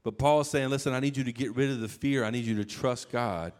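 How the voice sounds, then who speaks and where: A man preaching a sermon in a conversational, animated way, acting out quoted lines. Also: mid-range voice, a little fast. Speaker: pastor.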